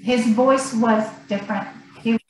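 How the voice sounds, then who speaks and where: A woman guest on a podcast telling a rambling story in a casual, animated way. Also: a little high, normal speed. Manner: animated, rambling, laughs between lines. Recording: very echoey room, faint noise.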